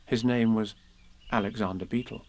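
Man, storyteller, children's poems, expressive, sing-song reading. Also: lowish voice, normal speed. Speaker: narrator.

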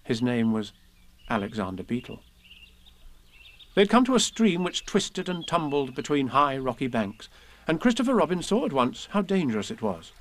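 A man reading children's poems and a storybook aloud in a gentle, expressive way. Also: medium pitch, normal speed. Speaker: reader.

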